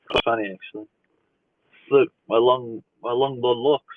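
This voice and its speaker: A man's voice: medium pitch, slight background noise. Easygoing man on a tinny phone stream. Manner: easygoing, amused, chuckles often, reads viewer questions aloud. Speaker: livestream host answering chat. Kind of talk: casual live Q&A chat. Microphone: phone livestream. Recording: dry, tinny phone-like sound.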